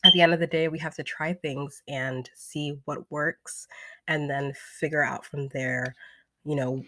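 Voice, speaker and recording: A woman's voice: low-pitched, pushed and bright, no echo. A young woman in her twenties chats casually as a podcast host and vocal coach. She sounds upbeat and talkative and fills her sentences with casual filler words. The sound is close and dry, with no room around her. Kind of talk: casual talk from a replayed live stream.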